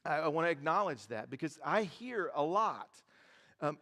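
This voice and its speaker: A male pastor preaching a sermon in a church, lively and joking, repeating phrases for emphasis. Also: a little high, normal speed, vocal fry. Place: large church auditorium. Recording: reverberant church hall.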